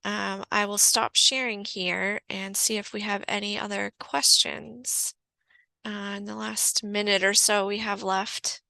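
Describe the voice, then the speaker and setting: A woman's voice: mid-range voice, flat delivery, measured pace, creaky, bright, forceful tone, no room sound. A woman librarian giving a casual online orientation over a video call, chatty with many fillers. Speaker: college librarian.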